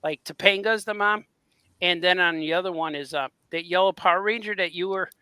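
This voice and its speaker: Bright-voiced middle-aged man. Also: high-pitched, fairly quick, clear, resonant tone, dry recording. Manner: rambling storyteller, laughs often. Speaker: podcast co-host. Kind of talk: casual chat, anecdotes.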